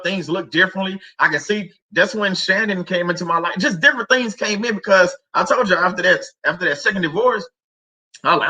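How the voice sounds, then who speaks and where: Bright-voiced middle-aged man, rambling faith talk. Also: high-pitched, muffled recording. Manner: rambling, conversational, many fillers and restarts. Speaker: livestream host.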